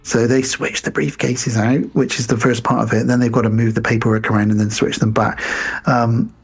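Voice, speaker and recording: A man's voice: medium pitch, little pitch movement, brisk, gravelly, slightly rough. A man co-hosting a podcast, casually retelling film scenes with lots of fillers. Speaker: podcast co-host. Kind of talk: casual film-review chat.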